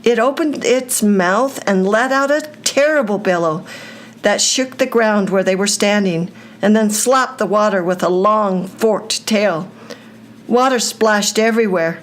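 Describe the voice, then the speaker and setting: An older woman with a mid-range voice reads a children's story aloud, slow and deliberate in her storytelling.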